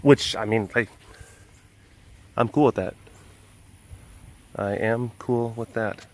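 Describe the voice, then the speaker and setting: A man keeping big cats, narrating a casual vlog outdoors and cooing softly at the animals in baby talk. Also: fairly low pitch, fairly even intonation, slow pace, a little hiss or hum. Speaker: big cat keeper.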